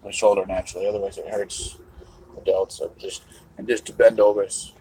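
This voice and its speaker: A man's voice: on the low side, level tone, fairly quick, mellow, a little hiss or hum, low-quality recording. A middle-aged man vlogging in a casual livestream monologue, rambling and musing with a half-joking tone.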